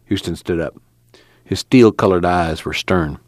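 A man reading a novel aloud as narrator, with calm, even storytelling. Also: low-pitched, unhurried, no room sound, clean studio sound. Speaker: audiobook narrator. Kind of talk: scripted narration.

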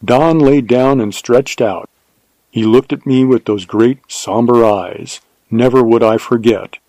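A man reading a first-person adventure story aloud in a measured, unhurried way. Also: medium pitch, mellow, no echo, rough recording. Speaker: narrator. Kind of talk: scripted audiobook narration.

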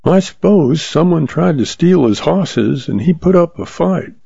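A man reading a mild, slow-spoken cowboy in a western audiobook, raising his voice higher for him. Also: lively intonation, gravelly, warm tone, slightly rough, no room sound, dull audio, heavily acted. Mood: calm. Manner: slow, plain-spoken drawl.

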